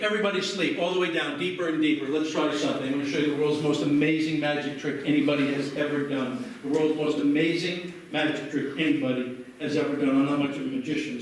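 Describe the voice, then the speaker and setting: Male stage hypnotist, American, soothing repetitive patter, recorded far off with faint background hiss. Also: medium pitch. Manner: soothing commands, repeats phrases. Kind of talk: live stage hypnosis show. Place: library event room. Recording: echoey hall from far off.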